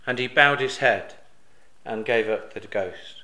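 A man preaching a sermon. He drops soft on reflective lines, hesitates with fillers and restarts, and rises to loud, emphatic peaks on quoted cries. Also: mid-range voice, a little slow, roomy sound.

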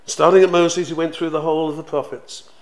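A man teaching in a sermon, conversational and animated, retelling stories with acted quotes. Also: a little high, brisk. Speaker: preacher.

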